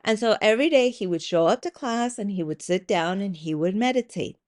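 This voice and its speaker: Lively, casual woman podcast host. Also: mid-range voice, a little fast. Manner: lively storytelling with swearing and voiced asides; conversational, with frequent likes and ums. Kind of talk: casual solo podcast talk.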